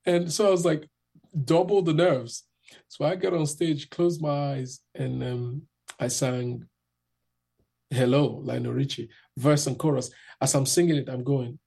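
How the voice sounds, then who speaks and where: A man telling a rambling, animated story in a casual interview, acting out the people in it. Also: a little high, a little slow, creaky, husky. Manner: rambling, animated, acts out the people in his stories.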